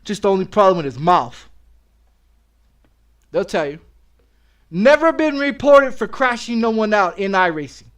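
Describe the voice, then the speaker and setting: High-voiced, profane, ranting man. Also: sing-song, moderate pace, pauses often, a bit bright. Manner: profane, aggressive, repetitive ranting. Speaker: game streamer. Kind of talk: angry streaming rant.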